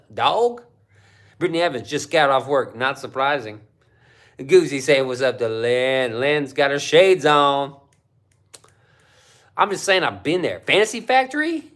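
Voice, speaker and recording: A man talks on a casual livestream, reading out chat and ranting with plenty of swearing. His pitch jumps around a lot, from low grumbles to loud high outbursts. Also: measured pace, long pauses. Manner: profane, animated ranting; reads out viewer chat. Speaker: livestream host.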